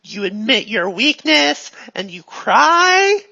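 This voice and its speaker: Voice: mid-range voice, takes it slowly, gravelly, dull audio, heavily acted. A GM doing a gushing, pushy TV star woman. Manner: gushing, jumps from excited to hushed.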